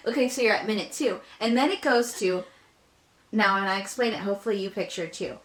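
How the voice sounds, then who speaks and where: A young woman co-hosting a casual nostalgic podcast chat, telling stories with animated asides. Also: fairly high pitch, brisk. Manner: animated storyteller, acts out commercial voices. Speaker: podcast co-host. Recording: roomy echo, backup audio.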